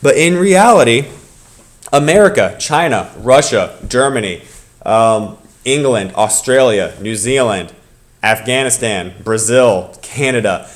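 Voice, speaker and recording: A man's voice: medium pitch, expressive, unhurried. A male teacher giving a recorded lecture video for his class, explaining patiently and repeating the key points for his students.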